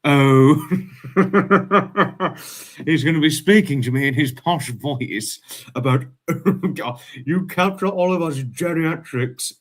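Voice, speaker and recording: A man's voice: a little high, slow. A man hosting a casual livestream, reading chat messages aloud and reacting with frequent laughs.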